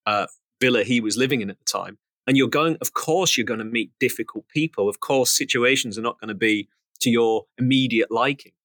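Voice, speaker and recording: A man's voice: mid-range voice, bright, forceful tone, no echo. A man co-hosting a podcast, talking reflectively and philosophically in a rambling way, with many restarts. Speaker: podcast co-host. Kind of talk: reflective conversational chat.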